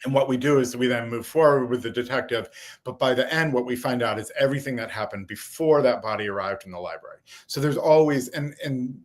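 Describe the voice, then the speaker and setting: A man's voice: medium pitch, fairly quick. A man guesting on an interview show, talking in a thoughtful, explanatory way. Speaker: author guest. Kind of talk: casual interview chat.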